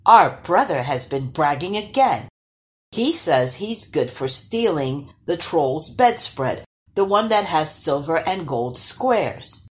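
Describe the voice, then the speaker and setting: A woman's voice: sits low, sing-song, slow pace, heavily acted. A woman voicing a jealous young man in a storybook, slyly telling tales. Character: jealous scheming young male brother, tattling.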